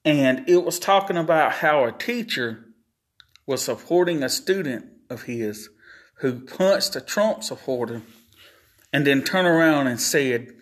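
A man hosting a solo podcast, talking slowly and earnestly, his words slurred by a facial palsy. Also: medium pitch, fairly bright tone. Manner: slow, deliberate, earnest. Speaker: podcast host.

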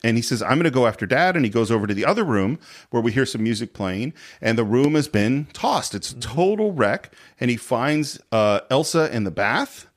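A man hosting a casual film podcast who retells the scenes in an animated, giggly way. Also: mid-range voice, moderate pace. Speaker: podcast host. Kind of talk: casual film-recap chat.

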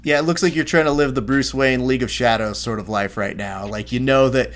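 A man's voice: medium pitch, brisk, fairly bright tone. A man co-hosting a grappling podcast, loose and joking, swearing casually as he talks with a guest. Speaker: podcast co-host.

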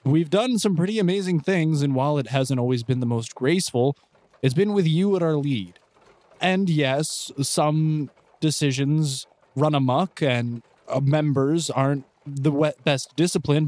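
A man's voice: on the high side, moderate pace, a little mellow, no echo, lightly acted. A man voicing an earnest adventurer who rises at dawn and insists he is not old, giving reassuring speeches. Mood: encouraging. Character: earnest male adventurer, prim early riser, denies being old.

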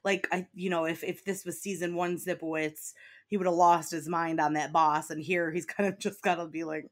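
A woman's voice: fairly low pitch, level tone, moderate pace. A woman with an Inland Northern American accent co-hosting a podcast, chatty and enthusiastic, often laughing. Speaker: podcast co-host. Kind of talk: casual chat about a TV show.

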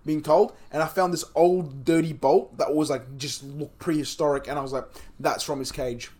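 A man co-hosting a podcast in loose, rambling chat. He has a light Australian accent and a voice that sits a little higher than most men's. He swears freely and breaks into laughter often. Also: steady tone, normal speed, darkish tone. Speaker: podcast co-host. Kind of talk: casual chat.

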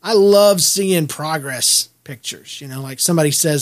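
Middle-aged male podcast host from Kansas City, slightly higher voice, candid and self-deprecating, restarts his sentences often. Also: moderate pace. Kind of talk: personal podcast monologue.

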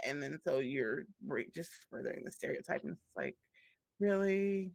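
Animated woman chatting, laughing often. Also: lowish voice, a little slow. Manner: animated, laughs often, acts out quoted voices. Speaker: podcast co-host. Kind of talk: casual chat.

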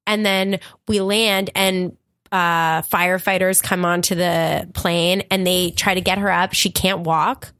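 A woman guest on a comedy podcast, telling a story in a casual, animated way, acting out quotes and laughing often. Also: lowish voice, a little slow, no room sound.

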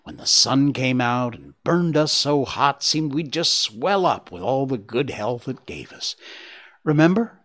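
A man voicing a gentle, reassuring male oak leaf in a storybook reading, speaking softly and tenderly. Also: medium pitch, unhurried. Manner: soft, tender, calming.

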